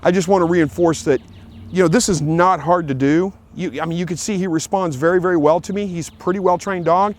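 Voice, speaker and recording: A man's voice: high-pitched, steady tone, a little fast, slight background noise. Easygoing man explaining dog training. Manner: plain, easygoing, repeats himself, calls out commands to his dog. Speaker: dog owner giving training tips. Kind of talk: casual outdoor vlog talk. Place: outdoors in a field.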